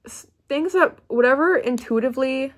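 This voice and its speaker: A young woman giving a pick-a-card tarot reading, chatty and excitable, often breaking off mid-word. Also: sits high, moderate pace. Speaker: tarot reader.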